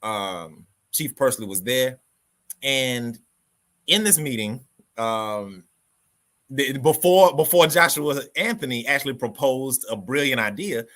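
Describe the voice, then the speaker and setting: A man's voice: mid-range voice, expressive, takes it slowly, a bit bright. A man hosting a live stream, reading chat comments and ranting with passion, repeating words as he talks. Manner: passionate ranting, repeats himself, calls listeners dog. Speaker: livestream host.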